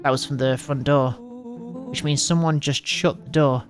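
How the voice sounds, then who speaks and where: A woman's voice: sits low, big pitch swings, unhurried, faint music behind. A woman streamer playing a story game, joking around and reading the kids' lines with playful voices. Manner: jokey, laughs often, reads kids' lines with voices. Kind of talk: playful let's-play commentary and character reading.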